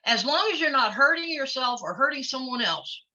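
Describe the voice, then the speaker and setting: Blunt, bright-voiced woman, lo-fi recording. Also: high voice, very animated, normal speed. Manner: outspoken and blunt, laughs easily. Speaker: guest, former wrestler. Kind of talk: casual interview chat. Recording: lo-fi audio.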